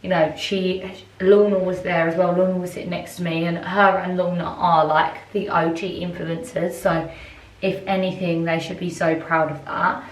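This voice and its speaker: A woman's voice: lowish voice, little pitch movement, moderate pace. A woman, chatting casually and rambling as she vlogs from a hotel room. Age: 20s. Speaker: vlogger and brand owner. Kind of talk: casual vlog chat. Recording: roomy and distant from the mic.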